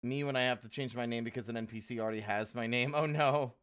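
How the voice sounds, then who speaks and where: A man's voice: medium pitch, steady tone, fast, fairly bright tone, clean tone. A young adult man livestreaming, thinking aloud in a rambling casual way as he organizes his work. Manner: rambling, self-talking while organizing.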